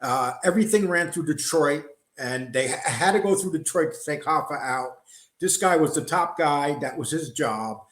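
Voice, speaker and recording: A man's voice: a little high, moderate pace, fairly bright tone, roomy sound. A man hosting an interview, stating his view bluntly and emphatically. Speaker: interview host. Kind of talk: casual interview talk.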